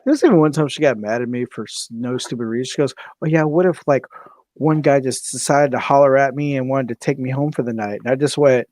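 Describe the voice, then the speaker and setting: A young man telling a story in casual podcast chat, animated, swearing freely and acting out what people said. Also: medium pitch, brisk, no room sound. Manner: animated, swears freely, laughs often, acts out quoted voices. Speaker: podcast co-host.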